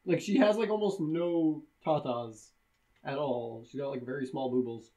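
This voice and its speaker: A man with a slightly high voice riffing crudely on a slasher movie in casual podcast banter. He swears freely and breaks into laughter often. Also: moderate pace, mellow. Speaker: podcast co-host.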